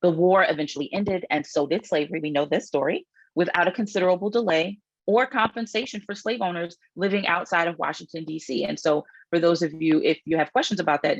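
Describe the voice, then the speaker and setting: A middle-aged woman author reads her book aloud to an audience, stopping for asides with plenty of fillers and restarts along the way. Her voice is husky and gravelly. The recording is dry and a bit dull. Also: no echo. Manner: raises her pitch when reading quoted passages, frequent fillers and restarts. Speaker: author giving a public book talk.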